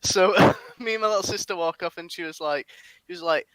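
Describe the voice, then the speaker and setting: A young man from England rambles through a funny anecdote on a podcast, laughing at his own story as he goes. His voice is bright and a little tense and sits fairly high, and the recording is dry and close. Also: brisk, clean tone, no room sound. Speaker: podcast host. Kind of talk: casual chat.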